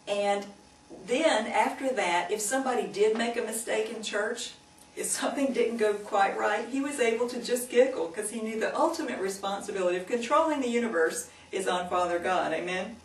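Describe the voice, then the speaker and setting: A woman giving a Christian teaching, earnestly telling a story and gently urging her listeners. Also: medium pitch, moderate pace. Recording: echoey room, mic at a distance, faint noise.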